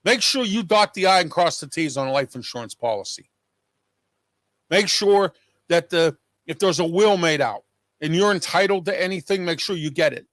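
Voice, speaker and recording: An expressive, fairly high, fairly bright male voice at normal speed carries this show host's personal monologue to viewers. He talks to them directly, agitated and emphatic, restating his points, in a dry, clean studio recording.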